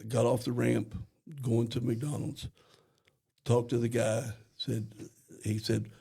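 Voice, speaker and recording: Gravelly, husky man telling a story. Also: medium pitch, level tone, takes it slowly, dark tone. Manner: plain-spoken, tells stories step by step. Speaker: podcast co-host. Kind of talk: casual storytelling.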